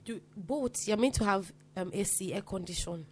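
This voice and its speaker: A young woman with a Nigerian accent, a podcast guest telling funny everyday stories in a casual, animated way and laughing often. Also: mid-range voice, moderate pace, a little hiss or hum. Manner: animated, acts out quoted people, laughs often. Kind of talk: casual storytelling chat.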